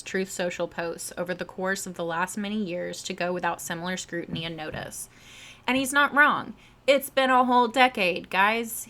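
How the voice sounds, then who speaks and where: A woman's voice: on the low side, sharp tone. A woman hosting a political commentary show, opinionated and talking straight to her listeners. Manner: opinionated, direct asides to listeners. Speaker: podcast host.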